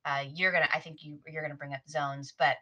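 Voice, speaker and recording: A woman game master chats casually on a podcast, rambling with restarts and little laughs. Her voice is a bit low but bright and forward. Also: fairly even intonation, fast, muffled recording. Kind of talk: casual chat.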